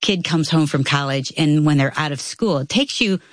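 A woman's voice: deep voice, normal speed, dry recording. A woman in her fifties, a guest in a casual faith chat, who tells family stories and acts out the lines of the people in them. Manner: animated storyteller, acts out quotes.

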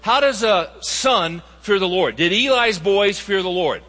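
A man's voice: sits high, expressive, measured pace, pushed and bright. A man preaching a sermon, emphatic and asking the audience rhetorical questions. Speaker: pastor. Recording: reverberant hall sound.

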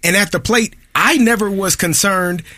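A man chatting about baseball as an analyst, animated, a storyteller who slips into mock voices. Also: high-pitched, normal speed, dry recording. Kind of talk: casual sports chat.

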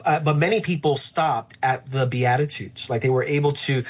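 A middle-aged male pastor talking through faith in an earnest, thoughtful way, slowing down to land his key points. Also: mid-range voice, husky. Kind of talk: reflective faith conversation.

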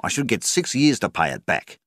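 A man's voice: fairly low pitch, big pitch swings, a little fast, dry recording, studio quality, voice pushed up, exaggerated voice. A man voicing a stubborn male wheat farmer in debt who talks defiantly and angrily. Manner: defiant, yelling, seething.

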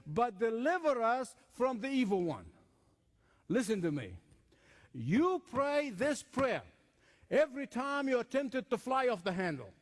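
A man's voice: extremely high pitch, big-room sound. A man pastor preaching a sermon in an emphatic, conversational way, with lots of repetition.

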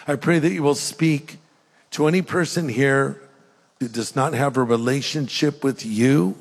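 A man's voice: mid-range voice, husky. An older man preaching an earnest sermon as pastor, rising to fervent emphasis. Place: large church hall. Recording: long hall reverb.

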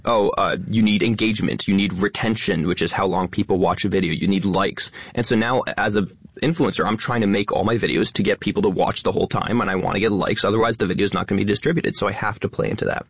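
A man talking quickly as a guest in a radio interview, stressing many of his words to keep listeners engaged. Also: fairly low pitch, husky, no room sound, clean studio sound. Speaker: guest, educational influencer.

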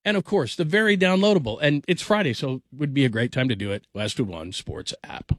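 A man's voice: mid-range voice, lively intonation, brisk, fairly bright tone, no echo, studio quality. A man hosting a sports talk radio show, chatting casually and telling rambling jokey stories. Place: radio studio.

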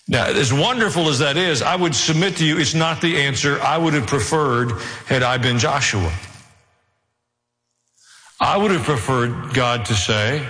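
A man's voice: fairly high pitch, normal speed, bright, forceful tone. A man preaching a sermon to a congregation, building intensity as he presses his points, with dry self-deprecating asides. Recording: long reverb of a large hall.

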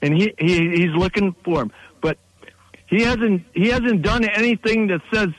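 A man calling into a sports radio show, speaking earnestly and a little haltingly. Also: high-pitched, no room sound, rough recording. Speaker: caller. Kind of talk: call-in radio.

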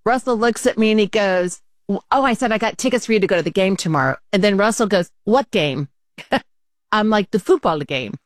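A woman co-hosting a casual talk show, telling a story with animated quotes and laughs. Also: mid-range voice, fairly quick, no room sound, clean studio sound.

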